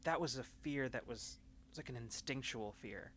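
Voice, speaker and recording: A man voicing a woman pilot in a tabletop game, speaking quietly and haltingly, full of hesitation. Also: medium pitch, slight background noise. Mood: troubled. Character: anxious, hesitant female pilot.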